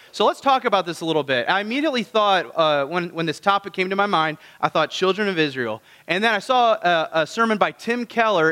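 A man's voice: fairly high pitch, sharp tone, long reverb tail. A man preaching a conversational sermon. He keeps asking the congregation rhetorical questions. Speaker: pastor.

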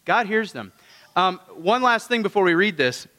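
A man's voice: high voice, big pitch swings, normal speed, sharp tone, in a large hall. A man preaching a conversational sermon. He keeps asking the congregation rhetorical questions. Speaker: pastor.

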